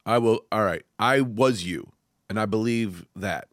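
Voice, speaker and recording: A man hosting a podcast in casual chat, animated and joking, swearing freely. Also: on the low side, unhurried, dry recording, clean studio sound. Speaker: podcast host.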